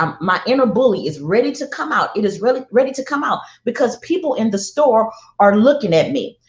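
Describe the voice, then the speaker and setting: Blunt woman telling a story in an echoey room. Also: medium pitch. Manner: candid, profane, repeats lines for emphasis. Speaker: parenting speaker. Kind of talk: storytelling monologue to an audience. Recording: echoey, dull lo-fi sound.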